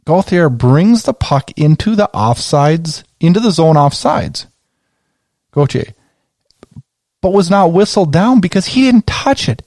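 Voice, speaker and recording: Podcast host, male, warm mellow tone, dry close sound, chatty and excitable recap delivery. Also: on the high side, dry recording. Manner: excitable, conversational, retells his own reactions. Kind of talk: casual game recap commentary.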